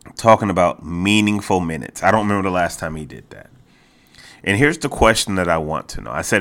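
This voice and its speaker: A man hosting a solo sports podcast, talking casually and getting exasperated, his voice jumping high when worked up, repeating himself and stumbling into restarts. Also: expressive, a little fast, fairly bright tone. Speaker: podcast host.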